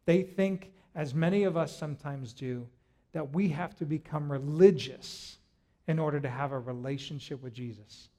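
A man preaching a sermon, retelling a story in a lively way and often stopping to restart his words. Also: fairly high pitch, normal speed. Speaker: pastor.

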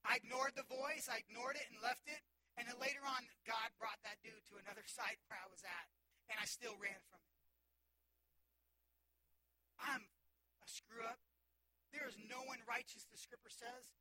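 A male youth pastor preaching with an animated, dynamic delivery, bursting loud and dropping to a hush. His voice sits high for a man. The tone is strikingly bright and piercing. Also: moderate pace, long pauses, low-quality recording. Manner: animated, swings between shouting and hushed. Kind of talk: sermon.

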